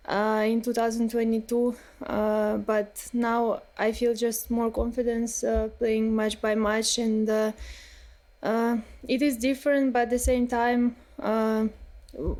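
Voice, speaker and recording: Hesitant woman with a flat, mellow voice. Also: fairly high pitch. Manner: hesitant, many "uh" fillers. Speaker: tennis player at a press conference. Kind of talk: press conference answer. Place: press conference room.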